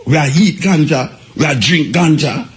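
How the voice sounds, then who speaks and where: An older man with a Jamaican accent, telling his life story in an animated, repetitive way in casual patois. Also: fairly high pitch, moderate pace.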